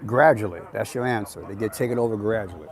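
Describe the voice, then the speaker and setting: A man's voice: lowish voice, fast talker. Emphatic preachy man streaming outdoors. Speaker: channel host. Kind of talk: outdoor live-stream commentary. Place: outdoors on an urban street.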